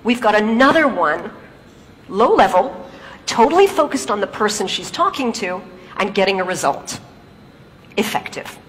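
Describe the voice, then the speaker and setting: A woman's voice: mid-range voice, big pitch swings, moderate pace, pauses often, a bit bright, in a large hall, a little hiss or hum, low-quality recording. A woman giving a stage talk in her native English, telling stories and asking the audience rhetorical questions. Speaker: public speaker.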